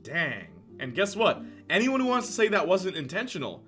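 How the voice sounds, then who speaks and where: Excitable man chatting on a live stream. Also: high-pitched, normal speed, few pauses, soft background music. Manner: excitable, chatty, laughs often, reacts to chat. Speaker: streamer ranking movies. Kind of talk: casual live-stream chat.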